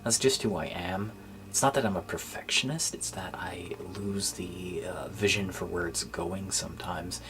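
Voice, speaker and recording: Deep-voiced gamer guy doing a casual vlog, kinda down, lots of ums, trails off into whispers. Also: steady tone, a bit bright, a little hiss or hum. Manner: subdued and halting, many fillers, drops to near-whisper. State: low-spirited. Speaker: gaming YouTuber. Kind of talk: casual thank-you vlog. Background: faint background music.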